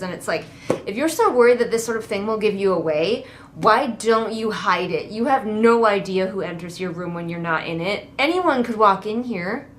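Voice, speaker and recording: A woman's voice: mid-range voice, animated, normal speed, slight background noise. A woman giving a casual, sarcastic book critique, swearing freely and mocking the characters. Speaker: book reviewer.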